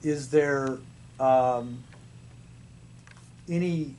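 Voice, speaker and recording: A man asking an interviewee questions slowly and hesitantly, with many fillers. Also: medium pitch, darkish tone, slight background noise.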